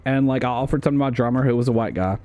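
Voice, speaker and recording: A man's voice: mid-range voice, racing, mellow, faint music behind. A man from the United States doing livestream commentary as he ranks a tier list, rambling and swearing with plenty of fillers and restarts. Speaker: streamer.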